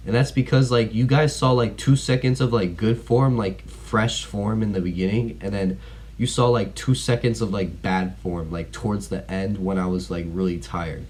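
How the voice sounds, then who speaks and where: A man's voice: lowish voice, fairly even intonation, moderate pace, darkish tone. A teenage boy telling a story in a casual vlog, rambling with lots of "like" and some blunt swearing. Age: teens. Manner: rambling, heavy use of "like", blunt and profane at times. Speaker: vlogger.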